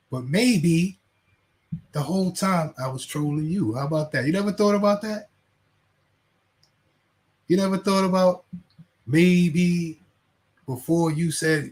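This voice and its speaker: A man's voice: on the high side, measured pace, long pauses, a little mellow. A man hosting a casual livestream, rambling, laughing and reading chat names aloud. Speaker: livestream host.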